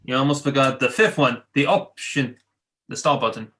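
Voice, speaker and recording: A man's voice: mid-range voice, normal speed, a bit bright. A man co-hosting a casual gaming podcast, playful and often stumbling and restarting his sentences. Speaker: podcast co-host. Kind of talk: casual chat.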